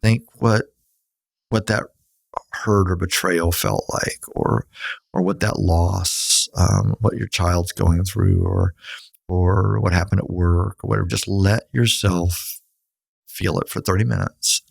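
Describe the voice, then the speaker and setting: A man's voice: fairly even intonation, takes it slowly, vocal fry, dry recording, studio quality. A middle-aged man co-hosting a podcast, giving earnest, coaching advice on grief in a conversational way. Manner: earnest, coaching, quotes people in a higher voice. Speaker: podcast co-host, counselor.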